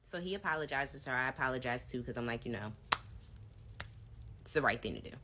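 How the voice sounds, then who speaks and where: Woman vlogger, low voice, animated storytelling, casual, talks straight to viewers, faint background hum. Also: a little fast. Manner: animated storytelling, acts out both sides of arguments; casual, addresses viewers directly. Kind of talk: storytime vlog.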